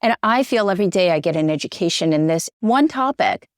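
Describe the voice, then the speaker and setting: A woman's voice: lowish voice, lively intonation, brisk, no room sound, studio quality. A middle-aged woman, a journalist and interview guest, talking earnestly and getting choked up. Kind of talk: conversational interview.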